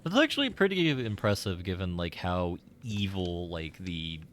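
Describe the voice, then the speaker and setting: A man's voice: low voice, sing-song, moderate pace, slight background noise. A man casually commenting while playing a game on stream, rambling with many "like" fillers and side remarks.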